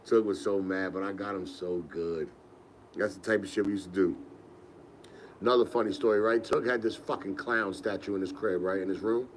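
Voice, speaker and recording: A young man with a low voice tells stories from his life in a loose, slangy podcast chat. He gets animated as the stories build. A faint hiss sits under the recording. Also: normal speed. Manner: animated, laughing, slangy storyteller. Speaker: podcast host. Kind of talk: casual storytelling.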